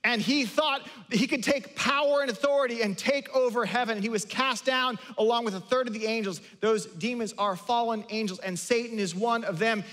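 A man preaching a sermon as pastor, conversational and animated, with frequent restarts and acted-out quotes. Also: sits high. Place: church sanctuary.

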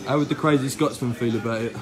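A man's voice: mid-range voice, fast talker, crowd noise. A man in a shop goading his friend with teasing questions.

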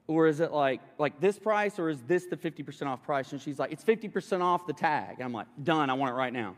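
A man's voice: a little high, lively intonation, quick pace. A young man preaching a sermon, telling a humorous personal story to the congregation in a casual, chatty way. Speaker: pastor. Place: church sanctuary. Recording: long reverb of a church hall.

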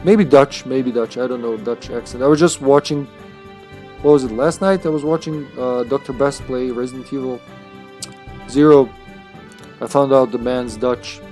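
A man's voice: medium pitch, moderate pace, darkish tone, soft background music. A man streaming a video game live, chatting casually in a rambling way and chuckling often between thoughts. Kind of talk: casual live-stream chat while playing.

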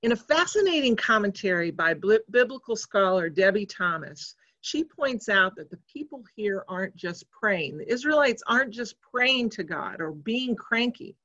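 A woman preacher giving a sermon in a church, speaking in a measured, reflective way. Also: medium pitch, sing-song, sharp tone, muffled recording.

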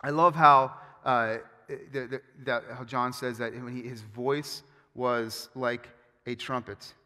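A man preaching a sermon as pastor, with animated, emphatic storytelling and frequent restarts. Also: medium pitch, takes it slowly. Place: church sanctuary. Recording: long hall reverb.

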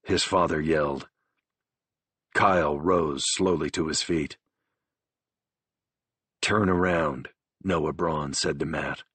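Deep slow husky male narrator. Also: fairly even intonation, fairly bright tone, dry recording. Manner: measured, deliberate and tense. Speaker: audiobook narrator. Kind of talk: scripted narration of a thriller.

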